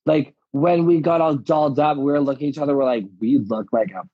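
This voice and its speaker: A young adult man, a drag performer guest, telling his story with lively acted-out quotes and frequent laughs over a live video call. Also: a little high, a little fast, breathy edge, no room sound. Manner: animated storytelling, acts out quotes, laughs often. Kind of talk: casual interview chat. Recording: dull lo-fi live-stream audio.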